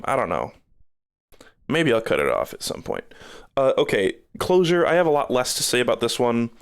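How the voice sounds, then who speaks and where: Tired streamer man, smooth voice. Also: medium pitch. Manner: rambling, many fillers and restarts. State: tired, losing his voice. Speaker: streamer reviewing games. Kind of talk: casual live-stream commentary.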